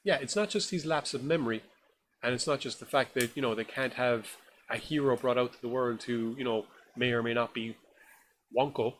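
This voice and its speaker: A man's voice: mid-range voice, fairly quick, fairly bright tone, slight background noise. A man co-hosting a horror film podcast, reviewing a new film in casual, enthusiastic, rambling chat. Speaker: podcast co-host.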